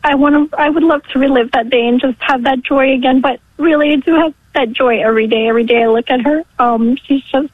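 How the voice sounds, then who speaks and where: High-voiced woman on a tinny phone line. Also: steady tone. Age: 40s. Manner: emotional, halting, sometimes tearful. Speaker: caller. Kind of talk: call-in radio testimony. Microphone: telephone.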